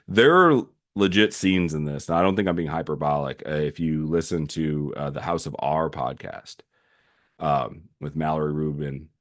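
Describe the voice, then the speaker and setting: A deep-voiced man hosts a solo podcast, walking through a show's story with lively enthusiasm. He talks loosely, with plenty of fillers and restarts along the way. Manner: animated recap with frequent fillers. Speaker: podcast host.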